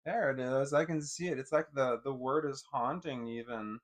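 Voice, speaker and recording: A man on a live stream, thinking aloud in a halting way, often repeating words as he works through what he sees. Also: mid-range voice.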